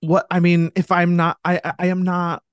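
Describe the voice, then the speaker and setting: A man's voice: sits high, completely flat delivery, moderate pace, clean tone, no echo, clean studio sound. A man co-hosting a casual podcast chat, playful and teasing, jumping in with cheeky questions. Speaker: podcast co-host.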